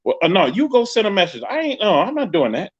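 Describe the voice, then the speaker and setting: A man with a New York accent hosts a laid-back live stream chat. His voice sits a bit high for a man, and he talks in an animated, joking way. The audio is muffled and lo-fi, like a live stream. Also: fast talker, slightly rough. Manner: animated storytelling with frequent laughs. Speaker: podcast host.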